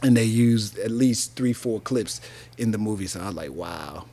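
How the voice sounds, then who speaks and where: A man's voice: on the low side, moderate pace. A man in his fifties from North Carolina, a radio DJ telling stories in a casual interview with laughs and easygoing slang. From North Carolina, USA. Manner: animated, laughing storyteller using casual slang.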